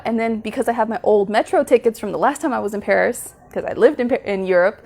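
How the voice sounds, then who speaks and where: A woman vlogger telling a story to camera in a chatty, animated way, laughing often and leaning on "like" and "you know.". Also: on the high side, fast, creaky. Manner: heavy use of "like" and "you know" as fillers. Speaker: vlogger on manifesting.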